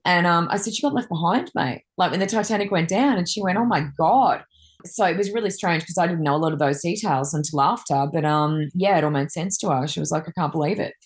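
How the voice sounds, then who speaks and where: A woman's voice: fairly low pitch, fast talker, hardly any pauses. A woman, a Reiki master and card reader, chatting casually and telling rambling anecdotes with many fillers.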